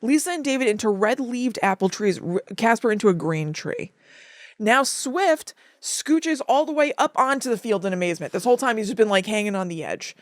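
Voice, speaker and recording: A young woman co-hosts a podcast in easy casual chat, retelling a cartoon's plot with lively, emotional energy. Her voice sits a touch high, and the recording is close and dry with no room sound. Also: fairly quick, no echo. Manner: animated, laughing and crying while retelling. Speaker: podcast co-host.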